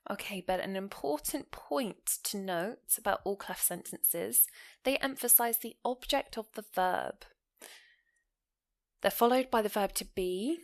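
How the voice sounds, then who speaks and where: A woman teaching a grammar lesson. She explains points clearly and leans hard on key words, often. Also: mid-range voice. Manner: explanatory, stressing key words with lively rises and falls. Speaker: English teacher.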